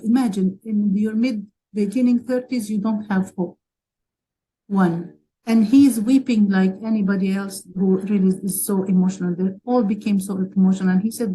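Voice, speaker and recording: A woman's voice: medium pitch, normal speed, warm tone, low-quality recording. A woman from Palestine speaking as a webinar panelist, emotional and urgent as she argues for advocacy. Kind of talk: impassioned advocacy talk.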